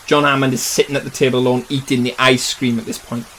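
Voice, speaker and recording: A man's voice: medium pitch, little pitch movement, fast talker, a bit bright, a little hiss or hum. A man casually reading a film script's stage directions in a jokey way. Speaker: YouTuber.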